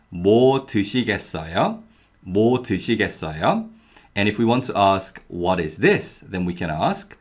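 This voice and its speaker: A young adult man giving a clearly paced, scripted language lesson, repeating each example phrase carefully. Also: lowish voice. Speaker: Korean language teacher.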